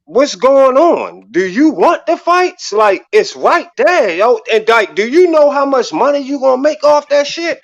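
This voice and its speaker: A man with a Baltimore accent hosting a casual podcast chat, ranting in an animated, profane, excitable way. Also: extremely high pitch, no echo. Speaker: podcast host.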